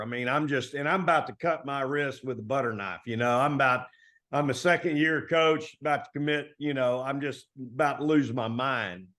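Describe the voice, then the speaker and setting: A middle-aged man from Texas, a basketball coach telling stories in a relaxed, folksy interview style full of colloquial turns. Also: medium pitch. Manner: folksy, animated storytelling with Southern colloquialisms. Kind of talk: conversational storytelling interview.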